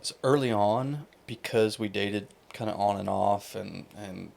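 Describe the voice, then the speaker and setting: A man's voice: on the low side, a little slow, creaky, a little mellow. A man in his thirties, a podcast guest, talking casually and rambling with many restarts and fillers. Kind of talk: casual conversation.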